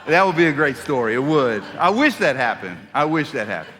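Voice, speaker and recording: A man's voice: medium pitch, big pitch swings, fairly quick, fairly bright tone, in a large hall. A man giving a storytelling sermon as a pastor, playful and self-mocking as he teases the audience. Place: church auditorium.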